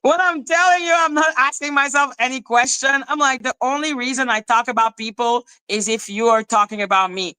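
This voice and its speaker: Lady ranting live on her podcast, kinda high voice, super bright and sharp, swears a lot. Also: brisk, hardly any pauses, clear, resonant tone, poor audio. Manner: animated, profane, laughing often. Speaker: podcast host.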